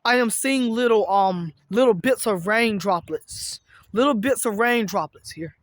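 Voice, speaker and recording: A man filming himself outdoors in strong wind, rambling excitedly and repeating himself. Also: high-pitched, unhurried, no echo. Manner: excitable, rambling, repeats phrases, says y'all often. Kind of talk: casual outdoor weather vlog.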